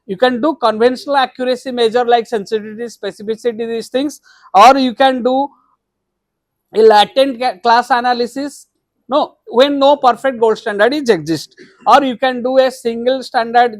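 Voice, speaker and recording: A man's voice: very high-pitched, dry recording, studio quality. A man with an Indian English accent giving a workshop lecture, slipping between English and Hindi and often restarting his words. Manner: switches between English and Hindi mid-sentence. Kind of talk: academic lecture.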